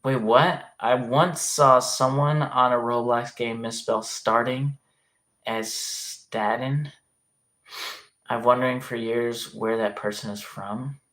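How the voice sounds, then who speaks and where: A man's voice: mid-range voice, fairly even intonation, a little slow, a bit bright. A man chatting casually on a livestream, reading comments aloud in a rambling, hesitant way and swearing often.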